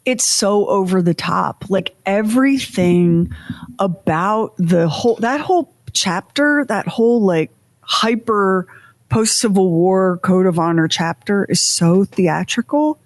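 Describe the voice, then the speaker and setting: A woman's voice: mid-range voice, no room sound. A woman co-hosting a podcast, telling history in casual chat with vivid, dramatic phrasing. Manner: dramatic, vivid storytelling with emphatic pauses. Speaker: podcast co-host.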